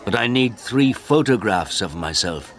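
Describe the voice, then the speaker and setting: A man's voice: lowish voice, expressive, measured pace, a faint crowd, pitched above the performer's own voice. A man voicing a poor old village man who is anxious and impatient, pleading in a raised voice.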